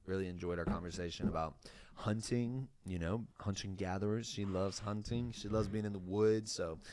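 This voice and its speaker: This young podcast co-host has a low, a little mellow voice with fairly even intonation and a moderate pace, and there's slight background noise. He's relaxed and rambling in casual chat, laughing a lot and restarting his phrases.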